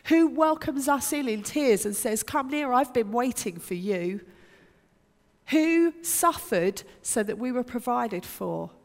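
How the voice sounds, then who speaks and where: A woman delivers a sermon in an earnest, emphatic way, stacking rhetorical questions. Her voice sits a little high. The sound carries a long reverb, like a large hall. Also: lively intonation, takes it slowly. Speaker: preacher.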